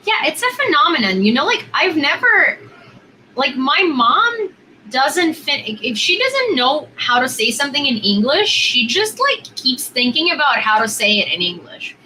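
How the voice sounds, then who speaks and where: A young woman with a bright, ringing voice that sits a little high talks to camera in a loose, chatty vlog style. She rambles, circles back with repeated words and leans hard on "like." A faint hiss sits under her voice. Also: very animated, moderate pace, rough recording. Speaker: video chat vlogger. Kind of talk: casual vlog chat.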